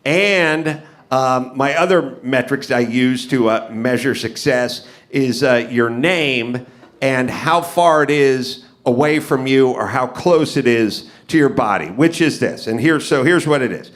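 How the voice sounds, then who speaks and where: A man hosting a live comedy podcast, telling stories and acting out dialogue with big swings in his voice. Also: unhurried. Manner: animated, acts out dialogue with big pitch swings. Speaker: podcast host. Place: live podcast on stage before an audience.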